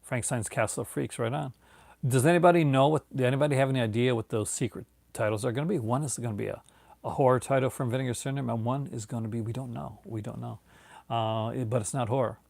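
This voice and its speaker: Tired, gravelly man chatting on video. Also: mid-range voice, steady tone, fast talker, darkish tone, no echo. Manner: rambling, many fillers and restarts. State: tired, yawning. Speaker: video host. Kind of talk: casual late-night video chat.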